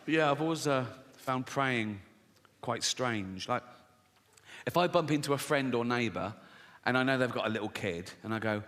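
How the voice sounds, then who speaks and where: A man's voice: medium pitch, normal speed, a bit bright. A middle-aged English comedian doing a stand-up set on a big theatre stage, sardonic and swearing, often laughing at his own jokes. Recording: live concert hall reverb, faint audience noise.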